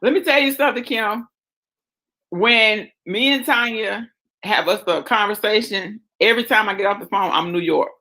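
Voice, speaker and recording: A woman's voice: mid-range voice, normal speed, pushed and bright. A woman with a Southern US accent hosting a casual chat, talking freely and calling everyone "girl.". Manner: chatty, calls everyone girl. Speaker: host.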